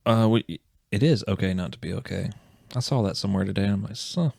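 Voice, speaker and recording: A man's voice: lowish voice, fast, creaky, darkish tone, dry recording, clean studio sound. A man co-hosting a casual podcast, talking in a rambling, encouraging way and often correcting himself. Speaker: podcast co-host.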